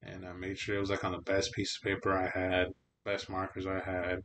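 A man's voice: low voice, completely flat delivery, brisk, fairly bright tone, a little hiss or hum. A young man hosting a podcast, telling laid-back stories in casual chat with heavy swearing and slang. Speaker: podcast host.

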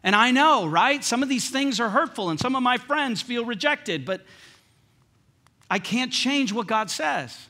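A man preaching a sermon as pastor in a church, in a conversational, humorous way that swings between hushed lines and emphatic ones. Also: extremely high pitch, lively intonation, a little slow. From United States. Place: church sanctuary.

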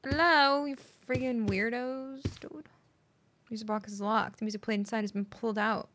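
A woman's voice: on the high side, level tone, normal speed. A young woman from the United States streaming a game, goofy and casually swearing as she reads text aloud. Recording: loud game music under voice.

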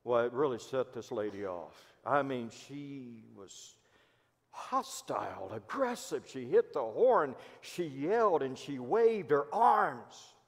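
A man with a Midwestern American accent, a pastor preaching a sermon in church and telling stories, swinging between loud emphasis and hushed asides. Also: mid-range voice, very animated, slow. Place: church sanctuary. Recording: long hall reverb.

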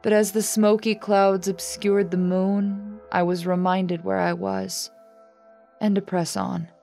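A woman giving a scripted horror story narration in a dramatic, measured storytelling manner. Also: mid-range voice. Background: faint music.

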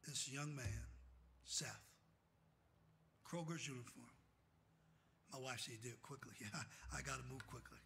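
A middle-aged man preaching a fiery sermon as pastor. He calls out questions for the congregation to finish and swings from shouting to soft, quiet asides. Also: medium pitch, a little slow, gravelly, long pauses, slight background noise. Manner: calls out "what?" for the congregation to fill in scripture.

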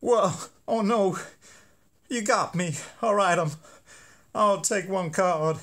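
A man's voice: high-pitched, fairly bright tone, voice pushed up. Man doing a clumsy impersonation of a famous singer's drawl. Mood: mock dismayed. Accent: bad put-on American. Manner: drawling, slow, mumbling. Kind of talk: silly comic voice.

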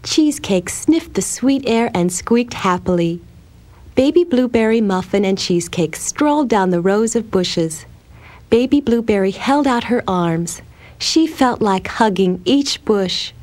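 A woman gently and expressively narrating a children's storybook. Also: mid-range voice, expressive, a little slow.

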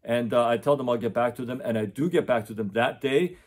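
A man's voice: medium pitch, a little fast. A middle-aged man, a tutor, talking unscripted to his camera with many fillers and restarts. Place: indoors in front of his camera. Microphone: camera mic.

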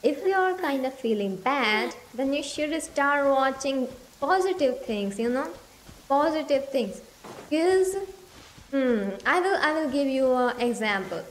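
A woman's voice: high-pitched, a little hiss or hum. A young woman from India streaming a game, chatting in a bubbly, rambling way with her viewers. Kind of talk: casual livestream chat. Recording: music playing behind.

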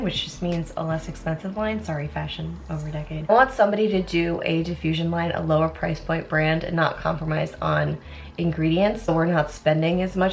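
A young American woman chatting in a rambling way while doing her makeup, often interrupting herself with asides. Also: fairly low pitch. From United States. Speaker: beauty vlogger.

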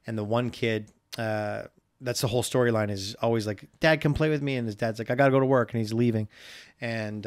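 A man co-hosting a couple's podcast, telling stories in casual chat, animated, swearing and laughing freely. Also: on the low side. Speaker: podcast co-host.

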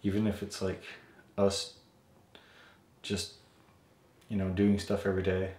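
A man in casual vlog chat, talking in an earnest, halting, tender way. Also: low voice, monotone, a little mellow, reverberant. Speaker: vlogger.

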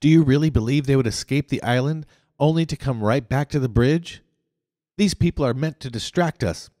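A man voicing a furious, domineering man who snarls and shouts orders in an audiobook. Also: mid-range voice, normal speed, no echo, studio quality, big-room sound, voice pushed up, lightly acted.

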